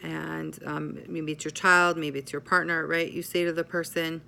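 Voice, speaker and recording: A woman psychotherapist giving a measured explanatory talk, often checking in with "right?". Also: sits low, flat delivery, vocal fry, pushed and bright, slight background noise.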